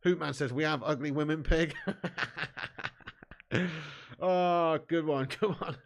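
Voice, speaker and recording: Man, slightly high voice, live-stream host, reads viewer comments, jokey banter, laughs a lot. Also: fairly even intonation, slow pace, creaky. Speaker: football watch-along streamer.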